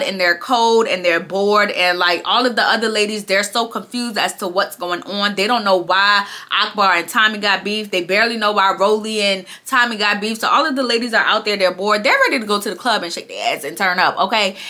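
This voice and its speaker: A young woman recapping a reality show for her viewers in a chatty, animated way, repeating phrases and talking straight to her audience. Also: mid-range voice. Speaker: TV recap vlogger. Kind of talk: casual recap commentary.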